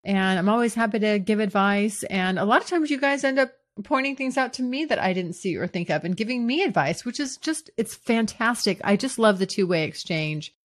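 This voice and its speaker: A woman's voice: medium pitch, fairly quick, hardly any pauses. A woman hosting her own podcast, talking candidly and cheerfully about her dating life with a giggly, upbeat manner. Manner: bubbly, frank and giggly, with excited bursts. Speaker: podcast host. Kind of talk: candid sex-talk podcast monologue.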